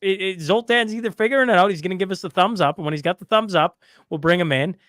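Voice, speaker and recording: Guy hosting a livestream, kinda high voice, rambly, reading chat and calling guests. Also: fast talker, a bit bright, no echo, clean studio sound. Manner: rambling, talks to chat and guests, frequent restarts. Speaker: livestream host.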